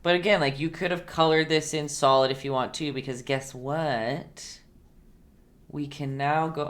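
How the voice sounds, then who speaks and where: A woman's voice: deep voice, steady tone, a little slow. A woman hosting a casual live-stream painting lesson, chatty and playful, laughing often and talking back to her viewers.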